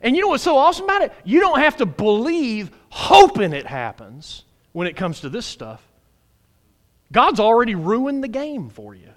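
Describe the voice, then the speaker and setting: A man preaches in a high, lively voice. He is folksy and playful, dropping to a hush one moment and shouting the next. His talk leaps all over his range. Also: moderate pace. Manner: animated, swings from hushed to shouting. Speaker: pastor. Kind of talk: sermon.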